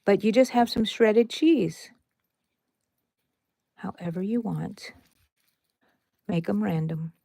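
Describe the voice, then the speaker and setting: A woman's voice: mid-range voice, takes it slowly, vocal fry, long pauses, dark tone, dry recording, clean studio sound. A woman hosting a casual crochet tutorial, chatty and playful, who talks viewers through each step with little asides and exclamations.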